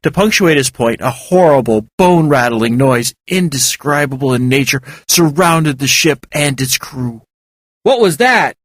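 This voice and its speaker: A man narrating a fantasy serial with an expressive reading. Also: medium pitch, moderate pace, few pauses, no echo. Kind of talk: audiobook narration.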